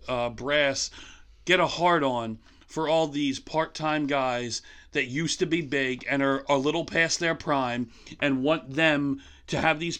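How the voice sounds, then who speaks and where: A man's voice: mid-range voice, a bit bright. A man co-hosting a casual wrestling podcast, agreeable and chatty. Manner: agreeable, chatty, laughs often. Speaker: podcast co-host.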